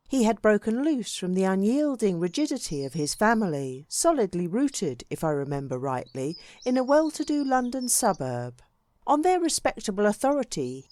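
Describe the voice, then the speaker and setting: Expressive woman reading a classic book. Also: mid-range voice, no room sound. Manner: measured, expressive reading with varied emphasis. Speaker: audiobook reader.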